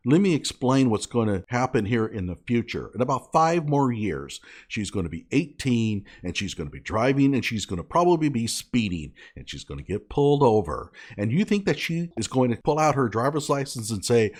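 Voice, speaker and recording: A man's voice: medium pitch, big pitch swings, normal speed, few pauses. A man delivering an indignant, sarcastic commentary rant, scolding as he talks. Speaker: online commentator.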